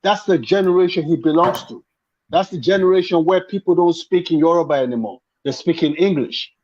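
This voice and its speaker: A man's voice: on the high side, a little fast, a little mellow. Man on muffled call audio. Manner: explains at length with many restarts and fillers. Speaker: panel guest. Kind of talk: casual panel chat.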